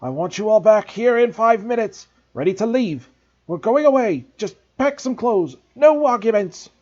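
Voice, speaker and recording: A man voicing a blustering, furious middle-aged uncle with a loud, slow, wheezing way of barking orders in a storybook reading. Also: sits high, expressive, dull audio, voice pushed up. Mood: raging.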